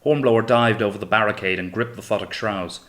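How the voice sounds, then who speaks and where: A man reading an audiobook of a naval novel in a steady, measured way. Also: lowish voice. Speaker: audiobook narrator. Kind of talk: scripted audiobook narration.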